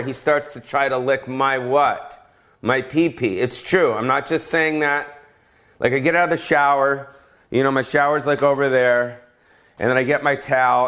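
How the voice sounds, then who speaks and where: Male solo podcast host, goofy profane rambler, drawn-out stammers, mid pitch. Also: fairly bright tone. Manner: drawn-out stammers and repeated filler sounds. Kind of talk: solo comedic rant.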